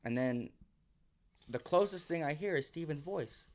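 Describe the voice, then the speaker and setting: A man, a podcast guest, telling his own story in casual talk, acting out his quotes and dropping to a hush at tense moments. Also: fairly high pitch, animated, measured pace. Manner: vivid, acts out his own quotes, drops to near whisper.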